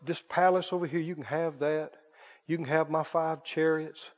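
A man voicing a smooth male king who makes bribe offers in a low, hushed, wheedling tone. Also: sing-song, brisk, long reverb tail, lo-fi sound, heavily acted.

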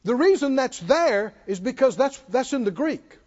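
A man's voice: very high voice, lively intonation, moderate pace, darkish tone. A man preaching a sermon to a congregation, repeating phrases for emphasis and prompting them to answer back. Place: church hall with congregation. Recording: reverberant hall, dull lo-fi sound.

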